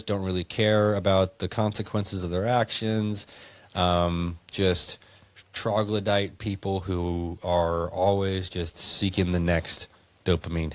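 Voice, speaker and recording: A man with a very low voice co-hosts a loose, joking podcast. He reads scripture verses aloud and breaks off into puns and asides. His voice sounds dry and close, with no room around it. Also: no echo. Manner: reads verses aloud, then riffs with wordplay jokes. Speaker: podcast co-host. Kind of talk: casual comedic podcast chat with scripture reading.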